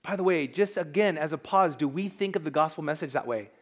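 A man's voice: on the high side, fairly quick. Emphatic man preaching a sermon. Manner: emphatic, conversational with asides and quoted lines. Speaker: pastor.

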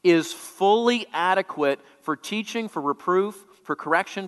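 A man's voice: high voice, expressive, measured pace, fairly bright tone, clear, resonant tone, in a large hall. A man preaching a sermon, explaining scripture word by word as a teacher, often repeating words as he restarts.

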